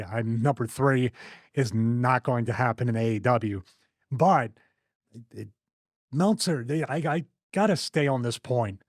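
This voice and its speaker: A man with a Philadelphia accent hosting a wrestling podcast, chatting in an animated, opinionated way with frequent laughs. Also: medium pitch, no echo, clean studio sound. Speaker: wrestling show host. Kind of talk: casual podcast chat.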